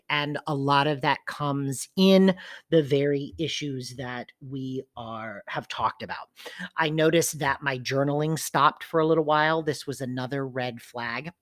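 A woman's voice: rumbling low, a little slow, no echo, clean studio sound. A woman hosting a personal self-care podcast, talking candidly and casually, with some swearing. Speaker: podcast host.

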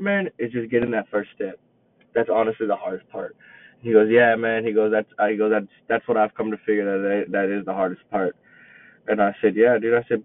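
A young man in his twenties tells a story in a loose, rambling way, circling back and repeating himself as he reflects. His voice sits at a middle pitch. It comes through narrow and tinny, like a phone line, with no room sound. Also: no room sound. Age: 20s. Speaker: teacher and coach. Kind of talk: casual storytelling monologue.

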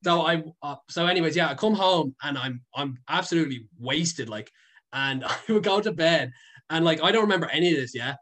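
Fairly high-pitched and fairly bright, with lively intonation and a slightly fast pace, a young adult content creator rambles through a casual story as a guest. He laughs a lot and peppers his talk with fillers and frequent swearing.

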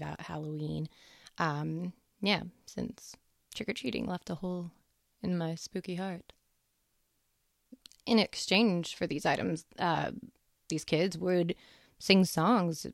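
A young woman hosts a chatty teaching podcast, wandering into jokes and asides. Her voice is deep and gravelly with a touch of fry. The close mic sounds dry and intimate. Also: no echo. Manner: chatty, joking, goes off on tangents. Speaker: podcast host. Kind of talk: casual educational podcast.

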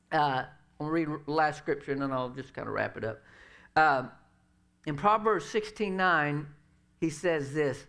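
A middle-aged man delivers a sermon in a relaxed, conversational manner, his voice sitting a touch higher than most men's. He leans on "you know" and "uh" as he talks his congregation through each point. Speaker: pastor.

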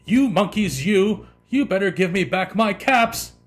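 A man voicing a hungry male cap peddler who is quick to anger and shouts when scolding. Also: mid-range voice, sing-song, lightly acted. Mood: angry. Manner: shouting, finger-shaking scolding.

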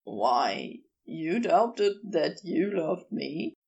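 A woman doing a hushed, choked-up demon. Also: deep voice, big pitch swings, very slow, vocal fry, slightly rough, lo-fi sound, voice pushed down, full character voice. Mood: choked, tender. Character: emotional, tearful male demon.

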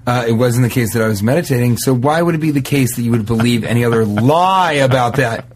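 A man trades improvised comedy banter as a podcast guest, spinning absurd bits with a straight face. His voice is husky and sits in a middle range. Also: mid-range voice, fast. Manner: deadpan absurd riffing.

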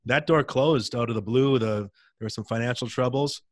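A man's voice: medium pitch, normal speed, no echo, studio quality. A man in his thirties, a former pro hockey player, telling his faith story in an intense, candid way in a casual interview.

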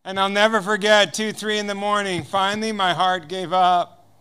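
A man's voice: high voice, level tone, normal speed, pushed and bright, clean tone. A man speaking as a guest speaker, telling a personal testimony and acting out the dialogue with frequent chuckles. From United States. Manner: storytelling that acts out dialogue, chuckling often.

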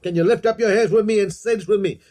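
A man's voice: high-pitched, fast, dark tone, a little hiss or hum. A man preaching a sermon, leading the congregation in call-and-response, drawing out phrases and repeating declarations with emphasis.

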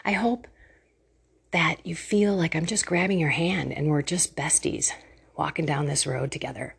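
A middle-aged woman talking into her phone at home, an earnest and emotional faith vlogger who chats warmly and laughs often. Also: low voice, steady tone, normal speed, vocal fry, slightly rough. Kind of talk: casual devotional talk to camera. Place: at home, indoors.

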